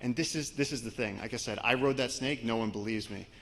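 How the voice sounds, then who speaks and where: A man from Brooklyn, an expedition guide, telling a lively story to a live audience with slides. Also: medium pitch, fast. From Brooklyn, New York. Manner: animated storyteller, voice rising as the story builds. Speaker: expedition guide giving a talk.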